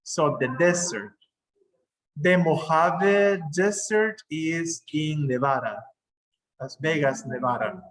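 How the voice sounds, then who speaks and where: Over a video call, a man with a higher-than-average voice teaches English, going slowly through word meanings with patient examples and self-corrections. The audio is rough.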